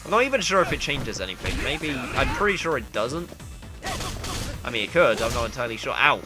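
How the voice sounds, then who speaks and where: A man's voice: medium pitch, very animated, brisk, music in the background. A man giving rambling, chatty commentary while playing a video game, now and then exclaiming at it. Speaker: gamer playing through a game. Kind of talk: let's play commentary.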